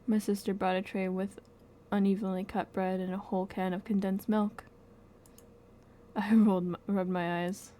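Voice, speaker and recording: Mellow woman reading game text aloud. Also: medium pitch, little pitch movement, moderate pace. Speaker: game playthrough narrator.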